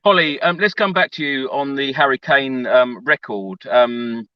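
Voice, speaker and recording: A man hosting a podcast, relaxed and a little hesitant as he puts questions to his guests. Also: mid-range voice, unhurried, clear, resonant tone, no room sound. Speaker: podcast host. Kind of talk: casual chat over a video call. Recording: distant, dull video call sound.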